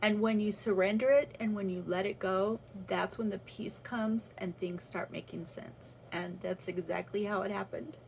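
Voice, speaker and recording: A woman's voice: mid-range voice, steady tone, normal speed, vocal fry, few pauses, darkish tone, slight background noise, rough recording. A woman talking through a personal faith reflection in a casual, earnest way, with restarts as she thinks aloud. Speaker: vlogger sharing a faith reflection.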